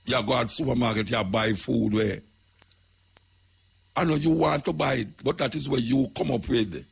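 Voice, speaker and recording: A man's voice: mid-range voice, normal speed, vocal fry, slightly rough. A man with a Jamaican accent, talking as a radio host in an emphatic, preaching way, repeating his points. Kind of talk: talk radio commentary.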